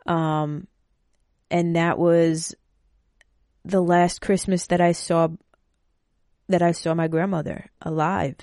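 A woman's voice: lowish voice, level tone, slow pace, pauses often, darkish tone, no room sound, studio quality. A woman speaking casually and emotionally, rambling and swearing freely as she talks to her listeners. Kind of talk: casual personal talk.

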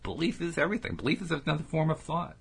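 With a husky, high-leaning voice full of big pitch swings and vocal fry, a middle-aged podcast co-host talks fast. He's chatty, tells stories, and laughs frequently in this casual conversation.

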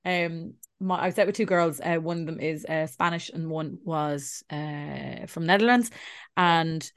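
A woman's voice: deep voice, unhurried, no echo. An Irish woman in her thirties co-hosting a podcast, chatting and telling stories, swearing freely and acting out what people said. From Ireland. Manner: chatty storyteller, swears freely, acts out quotes. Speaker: podcast co-host. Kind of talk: casual chat.

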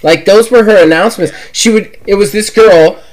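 A man's voice: sits high, normal speed. A man co-hosting a casual gaming podcast, blunt and mocking, swearing and laughing as he riffs on a game showcase. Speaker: podcast co-host.

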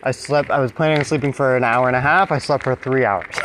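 A man's voice: medium pitch, fairly quick, a bit bright, a little hiss or hum, rough recording. A man talking through a casual, reflective monologue, earnest and rambling, with many restarts.

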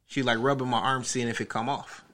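Bright-voiced young man, laid-back. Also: mid-range voice, level tone, fairly quick. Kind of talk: casual group chat.

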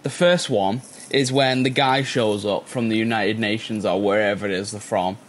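A man's voice: fairly low pitch, normal speed. Brief: male podcast co-host, wry and rambling, casual chat.

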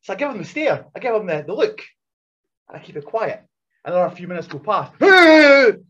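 Animated, husky man; slightly high, lively delivery; dull lo-fi sound. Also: quick pace. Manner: animated, acts out voices in anecdotes. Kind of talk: casual storytelling chat. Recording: dull lo-fi recording.

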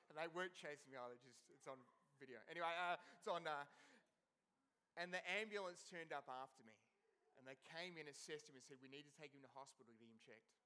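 Bright high-voiced pastor preaching. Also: male voice, clear, resonant tone. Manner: animated storytelling, swinging from loud to hushed. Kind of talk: sermon. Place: church.

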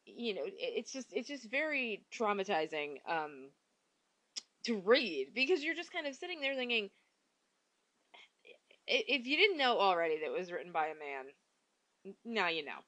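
A woman's voice: mid-range voice, big pitch swings, normal speed, pauses often, fairly bright tone. A woman hosting a podcast, chatting casually and rambling with many fillers and restarts, acting out quoted lines in exaggerated voices. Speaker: podcast host. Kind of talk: casual solo movie chat.

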